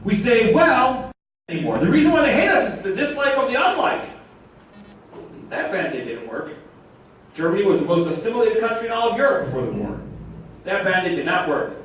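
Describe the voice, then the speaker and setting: A man's voice: sits high, wildly swooping pitch, a little fast. A man giving a sermon as a rabbi, telling a story with humor and rhetorical questions. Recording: echoey hall, distant mic, faint noise.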